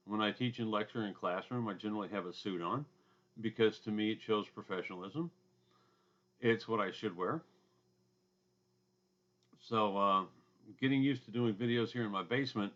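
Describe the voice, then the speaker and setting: A man with a loud booming voice and a drawl, giving a casual recorded lecture from his home basement, with asides and throat clearing. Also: muffled recording. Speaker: instructor.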